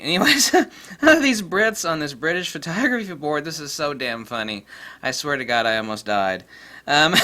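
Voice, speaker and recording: Man, casual vlog rant, boastful, rambling, bright tense tone. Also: mid-range voice. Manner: rambling, boastful, laughing, many fillers. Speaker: camera vlogger.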